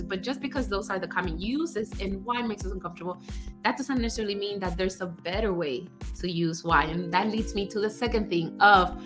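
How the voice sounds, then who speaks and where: A woman career coach giving casual advice, animated, acting out example phrases and laughing often. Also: medium pitch. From United States.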